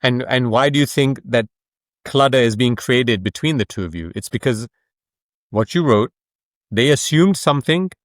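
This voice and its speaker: A man's voice: medium pitch, expressive, normal speed, no room sound, clean studio sound. A man, an author and coach, explaining his ideas in a conversational interview, emphatic and fond of rhetorical questions. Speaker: author and coach, podcast guest.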